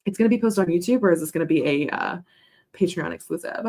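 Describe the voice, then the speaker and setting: A woman's voice: lowish voice, expressive, quick pace, vocal fry, dark tone, a little hiss or hum. A young woman hosting a casual co-working stream. She rambles between chat messages and coos at her dog. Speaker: writing livestream host.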